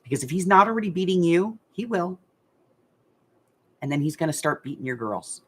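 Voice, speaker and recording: An older woman hosting a craft channel, chatting casually as she tells a story with lots of fillers and animated retelling. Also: on the low side, fairly quick, noisy background.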